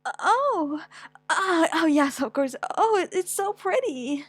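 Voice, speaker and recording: A young woman reading a manga aloud with dramatic, stammering delivery and wailing outbursts. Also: dry recording. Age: young adult. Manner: animated, quick pitch swings, stammers, whiny wails. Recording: dry close mic with faint music.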